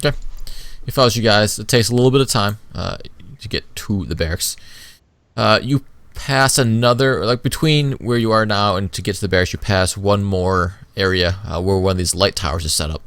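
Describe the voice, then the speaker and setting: A man narrating as game master of a tabletop game in a relaxed, loose way, leaning on filler words. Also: on the low side, a little fast, clean tone, dry recording.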